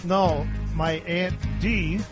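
A man's voice: high voice, fairly even intonation, drawn-out words, loud music behind the voice. A man co-hosting a podcast, telling crude jokes and a rambling family story in casual chat. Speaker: podcast co-host.

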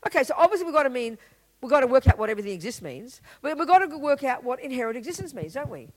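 Woman teaching dharma, kinda high voice that swoops all over, blunt, keeps asking "isn't it?". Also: very fast, low-quality recording. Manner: emphatic, full of rhetorical questions; blunt and lively explaining. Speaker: Buddhist teacher.

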